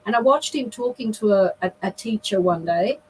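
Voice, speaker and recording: A woman's voice: mid-range voice, animated, normal speed, a little mellow, slight background noise, poor audio. A middle-aged woman, a guest on a video call, earnestly telling a personal story with emotion and frequent restarts.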